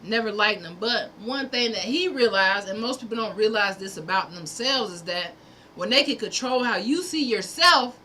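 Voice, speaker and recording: On a livestream, a woman with a mid-range, bright, forceful voice delivers a fervent, preachy monologue at a moderate pace, animated and built from repeated punchy phrases, now and then profane. Slight background noise is present.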